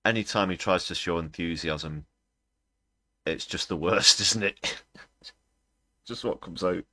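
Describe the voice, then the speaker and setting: A man with a very deep voice hosts a political commentary livestream, speaking with sarcasm and scorn. His tone is bright and forceful at a measured pace. The recording is dry and close, with no room sound at all.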